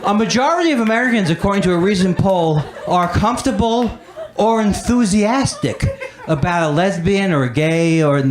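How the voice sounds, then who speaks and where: A man doing a stand-up comedy set on a club stage, riffing on his own weak jokes and mocking himself. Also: high-pitched. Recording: roomy club sound with a laughing crowd. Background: audience laughter.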